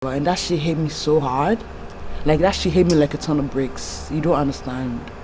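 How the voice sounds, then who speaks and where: A woman's voice: deep voice, normal speed, darkish tone, low-quality recording. Young woman, candid confessional vlogger, tearful, faint noise behind her. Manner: candid, rambling, heartfelt. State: tearful, trying not to cry. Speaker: YouTube vlogger. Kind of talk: personal confessional vlog.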